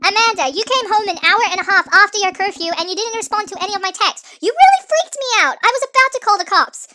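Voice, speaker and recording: A woman voicing a worried, protective dad in a game, with a sped-up, pitched-up nightcore effect. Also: expressive, fast talker, background noise. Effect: sped-up, pitched-up nightcore edit.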